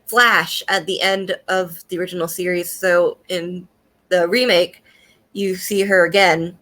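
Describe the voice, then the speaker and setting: A woman's voice: lowish voice, a bit bright. Chatty, profane young woman reviewer. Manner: chatty and profane, with frequent fillers and laughs. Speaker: anime reviewer. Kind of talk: casual spoken review.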